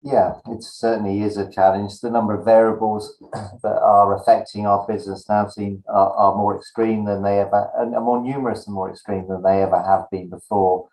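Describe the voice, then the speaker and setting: Low, dark, methodical farm businessman. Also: level tone, echoey room, poor audio. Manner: measured, methodical. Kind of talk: interview answer.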